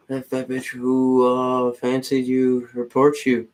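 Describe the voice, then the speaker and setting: Slow-talking man ranting on a livestream. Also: mid-range voice, monotone, a little mellow. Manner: rambling, profane, ranting at chat. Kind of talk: casual livestream chat.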